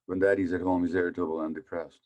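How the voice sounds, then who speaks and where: A man's voice: low voice, flat delivery, quick pace, a little mellow, muffled recording. A man in his seventies, from Hungary, giving a conversational talk as a physician and asking his audience questions. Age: 70s. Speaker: physician speaker. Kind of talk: public talk on trauma.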